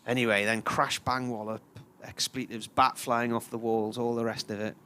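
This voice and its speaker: A man's voice: medium pitch, flat delivery, moderate pace, sharp tone, a little hiss or hum. A man, commentating on live cricket and telling a long, chatty anecdote. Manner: chatty storyteller, puts on voices for characters in his tales.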